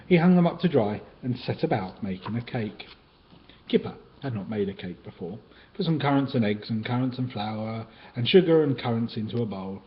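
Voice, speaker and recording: A man reading children's picture books aloud in a gentle, sing-song storytelling way, on a dull, lightly hissing recording. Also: fairly low pitch.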